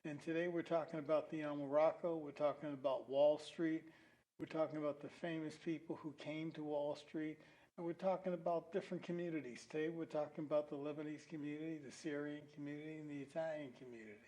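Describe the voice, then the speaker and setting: Higher-pitched New male host. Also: fairly even intonation, fast, dark tone, rough recording. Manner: rambling, filler-heavy, frequent restarts. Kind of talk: casual local-history chat.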